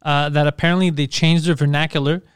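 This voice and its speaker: A man's voice: a little high, level tone, fast talker, clear, resonant tone, no echo, clean studio sound. A man in casual joking chat, teasing the others and slipping into mocking voices.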